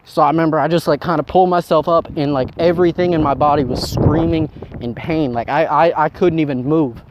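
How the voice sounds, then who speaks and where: A man's voice: on the high side, steady tone, a little fast. A young man telling a personal story in a casual, rambling way, with many fillers. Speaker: vlogger. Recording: dull lo-fi sound with faint noise.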